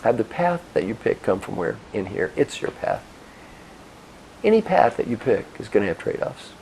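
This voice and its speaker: A male motivational speaker guides listeners through reflection and tells stories, shifting between soft pauses and firm instruction. His voice has a gravelly texture and moves through a lively, animated pitch range. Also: a little hiss or hum, low-quality recording. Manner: expressive, directive, with soft pauses. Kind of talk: guided reflection and storytelling talk.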